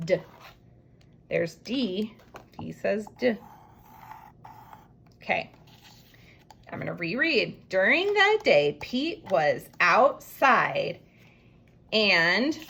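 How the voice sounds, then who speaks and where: A woman teaching a writing lesson to young children, slowly sounding out each word letter by letter. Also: lowish voice, vocal fry, sharp tone, a little hiss or hum. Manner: slow, stretched phonics sounding-out. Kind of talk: early-grade writing lesson, sounding out words.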